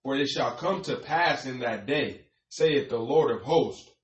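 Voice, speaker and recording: A man reading scripture aloud at a slow, even pace with a plain delivery. The sound is dull and lo-fi, and it echoes around the room. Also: mid-range voice. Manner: measured, plain, steady reading. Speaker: scripture reader.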